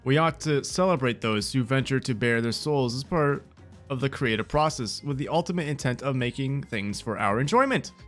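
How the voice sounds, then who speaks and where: A man with a mid-range voice reads a dating game aloud, turning its lines into playful, theatrical comedy. His delivery is animated and jokey. Light game music plays softly behind him. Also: medium pitch, normal speed. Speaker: gaming content creator.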